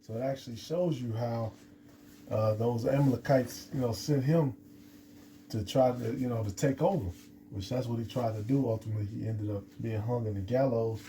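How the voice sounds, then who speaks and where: A man's voice: mid-range voice, normal speed, dark tone, slight background noise. A man giving an unscripted scripture lesson, rambling with many restarts and fillers. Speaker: scripture teacher.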